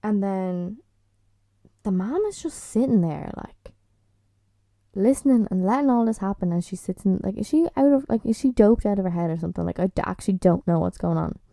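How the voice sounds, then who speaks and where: A podcast host reviews a TV series in a casual solo chat, speaking bluntly in an expressive, brisk, dark-toned medium-pitched voice. She swears freely and fills her talk with "like" and "um," with no room sound.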